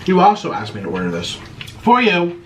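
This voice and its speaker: This mukbang creator eats on camera, chatting casually, naming each dish, and humming and moaning over the food. His high, fairly bright voice swoops wildly in pitch and runs a little fast, with a slight hiss or hum.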